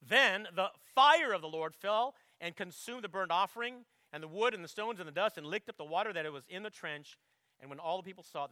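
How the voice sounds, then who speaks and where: Bright-voiced preacher with booming emphasis. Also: male voice, dry recording, studio quality. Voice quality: clears throat often. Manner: emphatic preaching, swelling loud on quotes, dropping low to reflect. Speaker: pastor. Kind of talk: sermon.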